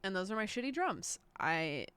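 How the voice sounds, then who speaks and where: A woman's voice: medium pitch, very animated, normal speed, fairly bright tone, clear, resonant tone, dry recording. A woman musician on a livestream chatting about how she produced her song, casual, self-deprecating and swearing freely. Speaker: musician streaming a production breakdown.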